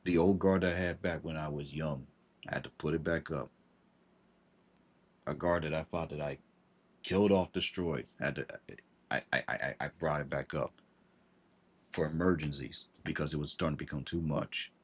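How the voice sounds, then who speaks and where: A man telling a personal story on a livestream, halting and repeating himself, with frustration in his voice. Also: very deep voice, steady tone. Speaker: vlogger.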